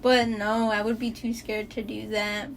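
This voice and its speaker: Lively young woman, high voice. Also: measured pace, a little hiss or hum. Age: young adult. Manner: animated storyteller, acts out quotes, swears freely. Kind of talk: casual chat.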